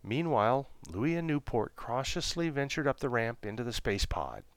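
A man reading a serialized children's story aloud in a gentle, unhurried storytelling manner. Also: medium pitch, expressive, dry recording. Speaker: narrator.

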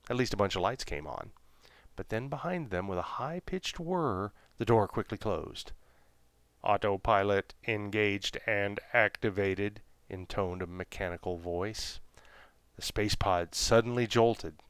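Brief: male storybook narrator, gentle pacing, deep-ish voice, dry close mic. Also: no room sound. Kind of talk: storybook reading.

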